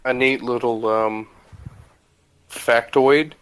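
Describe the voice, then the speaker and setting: A man's voice: medium pitch, fairly even intonation, slow, smooth, poor audio. A man co-hosting a podcast, chatting casually and enthusiastically with lots of "like" fillers. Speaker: podcast co-host. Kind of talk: casual chat.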